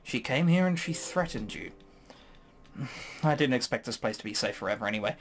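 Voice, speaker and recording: A player doing a stern young man, lower and clipped. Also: animated, moderate pace, lightly acted. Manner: clipped, reproachful.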